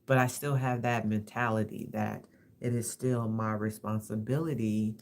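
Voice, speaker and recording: A woman in her fifties from Los Angeles, talking reflectively on a livestream, halting and repeating words as she gathers her thoughts. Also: a bass voice, steady tone, vocal fry, a little mellow, slight background noise. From Los Angeles, USA. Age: 50s. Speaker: livestream host. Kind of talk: reflective personal talk.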